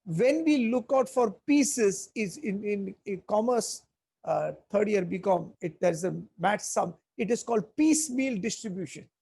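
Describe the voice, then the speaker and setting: A man teaching a scripture class, telling stories and chanting verses slowly between his explanations. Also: sits high, animated, gravelly, mellow, slightly rough. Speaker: spiritual teacher. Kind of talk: scripture lecture.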